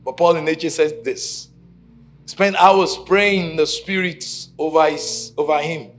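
A man preaching a sermon at a conference, telling stories and acting out the quotes, from shouting to near whispers. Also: fairly high pitch, fairly even intonation, unhurried. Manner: dramatic storytelling, acting out quotes, swinging from shouts to hushed lines. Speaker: pastor. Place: conference stage.

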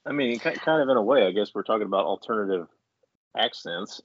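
Recorded indoors at home with lo-fi sound and no echo, a podcast co-host speaks in a fairly low, husky voice. His casual chat rambles with frequent restarts and laughter.

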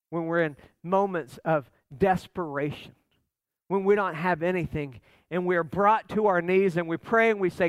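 High-pitched pastor guy preaching, chatty and emphatic, dry close sound. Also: no echo. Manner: conversational and emphatic, with asides to the listeners. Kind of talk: sermon.

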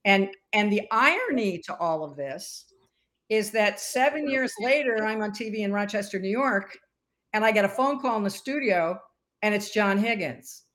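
A woman in her sixties, a podcast guest, telling stories in a lively interview chat and acting out what others said. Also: medium pitch, normal speed. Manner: animated storyteller who acts out quoted voices.

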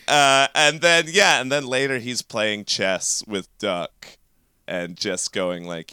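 A man's voice: mid-range voice, takes it slowly, smooth, no echo, studio quality. A young man co-hosting a movie podcast, joking and laughing as he riffs through a casual discussion. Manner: animated, joking, laughs often. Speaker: podcast co-host.

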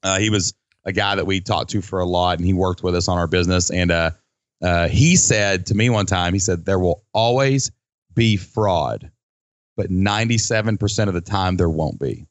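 A man hosting a podcast in casual chat, animated and folksy, acting out quoted people with big jumps in his voice. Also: low voice, moderate pace, no room sound. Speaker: podcast host.

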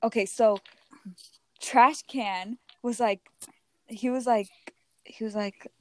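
A teenage girl telling a story in casual chat, animated and often laughing as she quotes others. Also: fairly high pitch, slow. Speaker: podcast co-host.

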